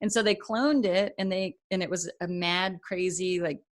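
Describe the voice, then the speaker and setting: A woman's voice: fairly low pitch, steady tone, moderate pace. A woman co-hosting a podcast, chatty and eager to chime in during casual chat. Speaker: podcast co-host.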